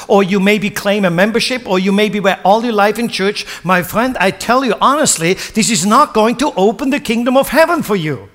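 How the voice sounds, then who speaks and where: Preaching in a church hall, a male pastor dramatically acts out the voices of people from scripture. His voice sits high with a fairly bright tone, and the recording carries the hall's long reverb.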